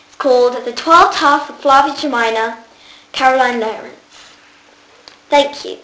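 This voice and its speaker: A woman reading a children's book aloud, lively and lifting her voice for the characters' lines. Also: sits high, echoey room, rough recording. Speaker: reader.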